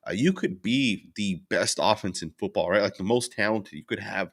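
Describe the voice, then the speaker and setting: A man's voice: on the low side, normal speed. A young man hosting a casual post-game recap, rambling with fillers and restarts as he vents his frustration and answers chat comments. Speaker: sports channel host.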